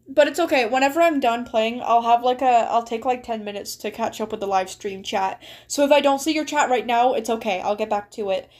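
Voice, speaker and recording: A woman's voice: on the high side, a little fast, a little mellow. A young woman streaming a game, chatting casually and reading story text aloud with frequent giggles. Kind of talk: casual live-stream chat while gaming and reading aloud.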